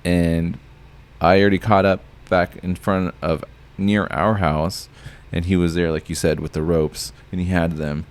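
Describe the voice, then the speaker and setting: A man's voice: low voice, flat delivery, unhurried. A young man co-hosting a podcast, telling a heated, profane story in casual chat. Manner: profane, heated retelling with mimicked voices. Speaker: podcast co-host.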